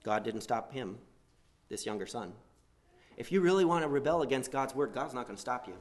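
A man preaching a sermon, swinging between loud emphatic lines and quiet asides, and acting out quoted prayers. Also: medium pitch, expressive, brisk. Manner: acts out quoted prayers in a pleading voice.

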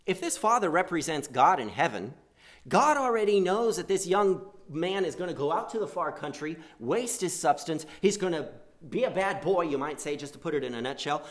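A man preaching a sermon, swinging between loud emphatic lines and quiet asides, and acting out quoted prayers. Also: a little high, big pitch swings, moderate pace. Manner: acts out quoted prayers in a pleading voice.

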